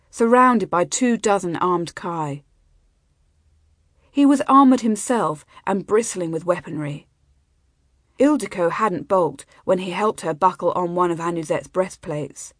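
A woman's voice: mid-range voice, dry recording. Woman narrating an audiobook, dry and close. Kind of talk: scripted narration.

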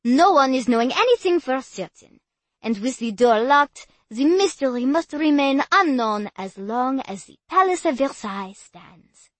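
A woman voicing a brisk French woman tour guide, with a French accent, announcing formally to a group. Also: sits high, animated, fairly bright tone, no room sound, voice pushed up, exaggerated voice. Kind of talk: audiobook character voice.

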